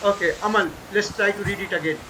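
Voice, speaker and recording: A man's voice: high-pitched, steady tone, fast. A man teaching German pronunciation, patiently repeating words and correcting a student. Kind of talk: pronunciation lesson. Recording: noisy room recording.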